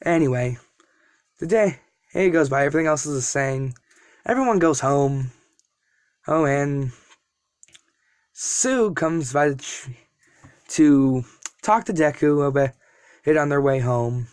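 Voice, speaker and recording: A young man tells a fan story off the cuff, stumbling, restarting and tossing in asides. His voice sits a little high for a man, and the recording is dry and close with no room sound. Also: slow, pauses often, darkish tone, smooth, no echo. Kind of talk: casual fan story narration.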